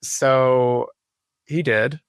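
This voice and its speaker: A man's voice: mid-range voice, fairly even intonation, very slow, clear, resonant tone, no echo, clean studio sound. A man, a casting producer, telling anecdotes in an interview and acting out the dialogue. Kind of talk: interview storytelling.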